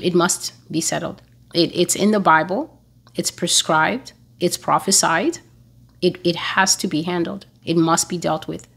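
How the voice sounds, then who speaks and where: A woman's voice: on the low side, gravelly, fairly bright tone, husky. A woman preaching an earnest, emphatic sermon, repeating phrases for stress. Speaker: prophecy blog preacher.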